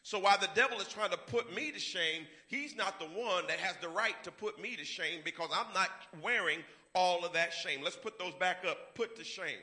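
A man preaching a sermon, moving from soft, measured passages to loud, emphatic call-and-response declarations. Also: high-pitched. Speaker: pastor.

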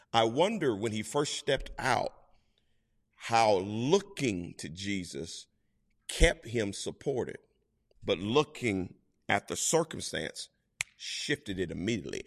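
A man's voice: on the low side, big-room sound. A man preaching a sermon in a conversational way, acting out quoted voices as he tells stories.

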